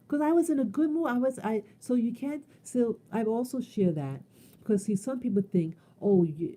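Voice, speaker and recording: A woman's voice: medium pitch, warm tone. A woman talking off the cuff on a live stream, blunt and emphatic, swearing freely and repeating her key phrases. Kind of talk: unscripted live stream monologue.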